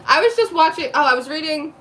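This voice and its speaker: A woman's voice: sits high, expressive, a bit bright, a little hiss or hum. Chatty New woman reading tarot. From New Jersey. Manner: chatty, laughs often, quick asides. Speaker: tarot reader. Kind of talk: live tarot reading chat.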